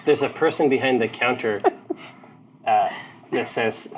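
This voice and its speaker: A man as game master, describing a tabletop game scene in a slow, searching way. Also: medium pitch, a little hiss or hum.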